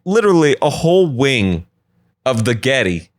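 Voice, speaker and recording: A man hosts a solo comedy podcast from his apartment. He rambles from joke to joke with quick asides in an ordinary mid-range voice. The sound is dry and close. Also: mid-range voice, sing-song, dry recording. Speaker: podcast host.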